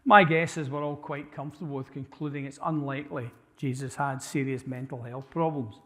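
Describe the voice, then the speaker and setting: A man gives an apologetics talk to a church audience in a conversational style, putting questions to listeners and often restarting sentences. His voice is medium-pitched, a bit bright, fairly quick and fairly even in intonation. The live church hall recording has long reverb.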